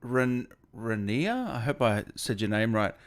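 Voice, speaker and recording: A man's voice: medium pitch, sing-song. Upbeat male interview host. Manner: upbeat, quick to laugh. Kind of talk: casual interview chat.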